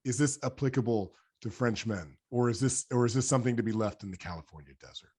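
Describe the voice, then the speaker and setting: A man's voice: mid-range voice, fast talker, a little mellow, slightly rough. A man hosting a podcast, asking long, rambling questions and affirming his guest enthusiastically. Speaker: podcast host. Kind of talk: podcast interview.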